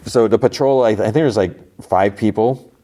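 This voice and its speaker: Man, podcast host, mellow tone, casual recap, rambling retelling. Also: on the low side, normal speed. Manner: retells scenes loosely, quoting characters with filler and restarts.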